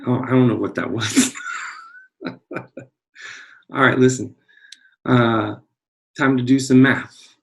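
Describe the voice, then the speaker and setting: Brief: male math teacher, comic wisecracking intro patter, mid-pitched voice. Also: fairly even intonation, slow pace, gravelly, pauses often. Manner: jokey, playful put-on tough-guy patter. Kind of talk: comedic video lesson intro.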